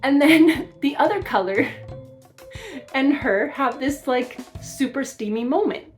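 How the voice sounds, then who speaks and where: A woman reviewing a book in casual chat, telling the story in an animated, amused way. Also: high voice, measured pace, faint music behind.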